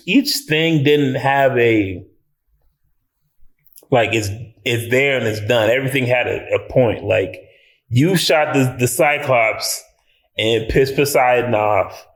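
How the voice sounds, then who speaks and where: A man's voice: mid-range voice, takes it slowly. A man giving a casual, rambling movie review, swearing freely and laughing often. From United States. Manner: slangy, loose and rambling. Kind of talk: casual film review vlog.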